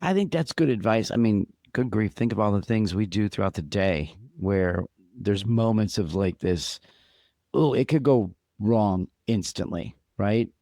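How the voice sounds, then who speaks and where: A man co-hosting a podcast, chatting in a relaxed, thoughtful way. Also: lowish voice, unhurried, gravelly, no room sound, clean studio sound. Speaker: podcast co-host. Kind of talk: casual podcast chat.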